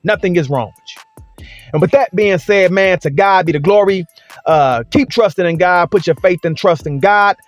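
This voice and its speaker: A man's voice: high-pitched, normal speed, dry recording, soft background music. A man delivering an opinion commentary rant, sarcastic and full of rhetorical questions and emphatic repetition. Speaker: commentary vlogger.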